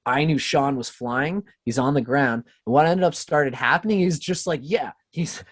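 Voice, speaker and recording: Profane, animated male podcast guest. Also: a little high, moderate pace, no room sound, clean studio sound. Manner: profane, animated, acts out quoted voices. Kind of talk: casual storytelling.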